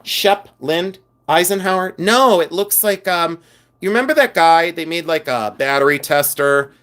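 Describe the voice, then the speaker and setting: A man's voice: on the high side, moderate pace, fairly bright tone. A man hosting a live stream, chatting casually, joking and reading viewer comments aloud. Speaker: live stream host reselling buttons.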